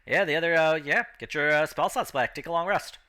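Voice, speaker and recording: Running a tabletop game, this game master speaks in a fairly high, clean-toned voice, pausing often and using many fillers. At times he slips into loud crowd and announcer voices.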